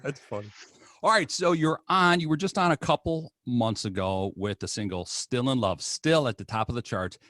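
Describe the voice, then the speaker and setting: A man's voice: medium pitch, normal speed, fairly bright tone, no echo. An American man hosting an interview over a video call, upbeat and playful in casual chat. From United States. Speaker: host.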